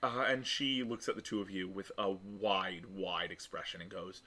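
A man narrating a tabletop role-playing game as game master, lively and animated. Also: low-pitched, normal speed.

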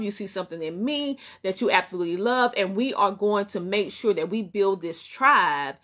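A middle-aged woman with a Southern twang coaches her live-stream viewers in a preachy, emphatic way, driving her points home by repeating them. She has a medium-pitched voice and laughs easily between points. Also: expressive, normal speed, few pauses, a bit bright. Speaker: business coach and show host. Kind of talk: live-stream motivational talk.

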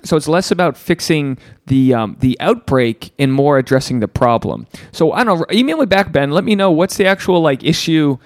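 A man hosting a podcast, giving casual advice and answering listener emails in an animated way, swearing freely and acting out the voices he quotes. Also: on the high side, moderate pace, few pauses, dry recording, studio quality. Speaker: podcast host.

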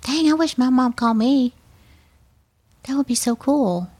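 A woman's voice: high-pitched, unhurried, a little mellow, slightly rough. A woman co-hosting a podcast, reacting to stories with jokes in casual chat. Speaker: podcast co-host.

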